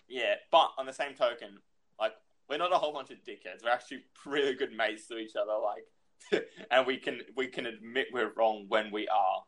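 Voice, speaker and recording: A man's voice: medium pitch, normal speed, fairly bright tone. Swearing, rambling man telling a story. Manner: rambling, swears freely, many fillers. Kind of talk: casual storytelling chat.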